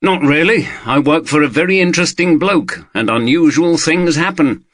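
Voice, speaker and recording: A man's voice: on the high side, moderate pace, a bit bright, no echo, pitched above the performer's own voice. A man voicing a tired, laid-back young detective sergeant who talks plainly. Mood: easygoing.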